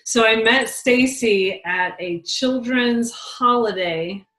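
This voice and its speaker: A woman's voice: fairly high pitch, takes it slowly, bright, forceful tone. Chatty woman in an echoey room. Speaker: team leader. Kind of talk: casual team talk.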